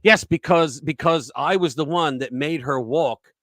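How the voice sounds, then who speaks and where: Fairly high-pitched and sharp in tone, this middle-aged host speaks a little slowly, recorded without room sound. He runs a casual talk show, rambling through anecdotes and acting out the quotes of people involved.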